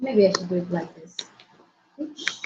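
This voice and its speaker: Excitable woman live-streaming, slow-spoken, dull lo-fi phone sound. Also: lowish voice, noisy background. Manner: hyper, excitable, loud. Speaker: livestream host. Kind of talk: casual live-stream chat. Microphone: mobile phone. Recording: roomy, dull lo-fi phone audio.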